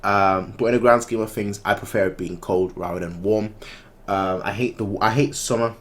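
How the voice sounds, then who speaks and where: A man's voice: lowish voice, steady tone, normal speed. Rambling, self-mocking male vlogger. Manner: rambling, many restarts and fillers, self-mocking. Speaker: anime reaction video host. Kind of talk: casual chat closing a video.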